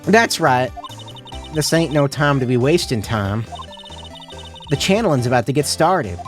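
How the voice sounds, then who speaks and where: Brash Southern photographer woman, voiced by a man: folksy drawl, loud, animated. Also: mid-range voice, unhurried, faint music behind, natural voice. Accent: Southern US, put on.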